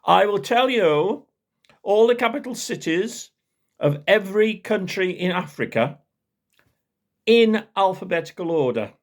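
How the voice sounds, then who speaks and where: A man voicing a loud, pompous, bragging big man with a posh English accent, in a told story. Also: sits high, animated, pitched above the performer's own voice. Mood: boastful. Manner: pompous, boastful, drawn-out.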